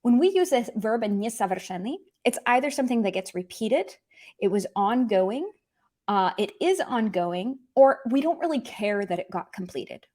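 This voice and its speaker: A young woman with a fairly high-pitched voice gives an online language lesson. She explains with lively emphasis and spells out example words slowly.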